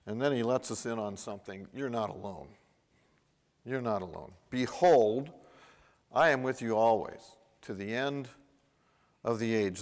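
A man preaching a sermon as pastor, animated and emphatic, his intensity rising and falling, with frequent restarts and repetitions. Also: medium pitch. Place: church. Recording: long reverb of a church hall.

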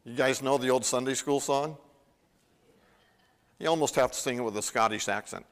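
A man's voice: medium pitch, moderate pace. A man preaching a sermon in a conversational way, acting out the Bible dialogue as he retells it. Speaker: pastor. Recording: long reverb of a large hall.

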